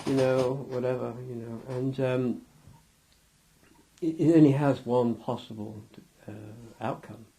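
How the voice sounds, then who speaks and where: A man's voice: mid-range voice, steady tone, measured pace, dark tone. Guy being interviewed, rambly, lots of restarts, medium voice, laughs mid-story. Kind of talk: loose unscripted interview.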